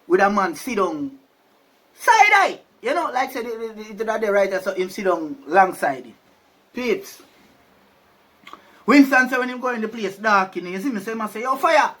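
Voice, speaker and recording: A man's voice: sits high, animated, moderate pace, a bit bright. A man with a Jamaican accent telling a spooky story in a chatty, casual way, often checking in with his listeners. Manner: chatty, keeps asking "you see me?".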